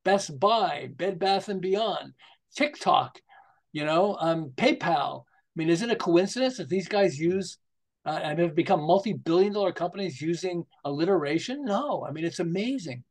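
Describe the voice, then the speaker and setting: A man's voice: sits high, moderate pace. An older man, a marketing consultant, chatting as a podcast guest and telling stories with frequent laughter. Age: 60s or older. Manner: animated, laughs often while telling jokes and anecdotes. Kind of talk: casual conversational storytelling.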